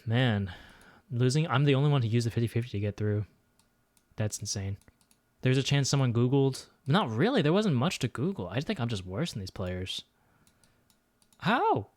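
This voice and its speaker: A man's voice: mid-range voice, lively intonation, a little fast, a little mellow, no room sound, clean studio sound. A man streaming a geography guessing game, thinking aloud and muttering his guesses with self-deprecating asides. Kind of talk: casual gameplay commentary.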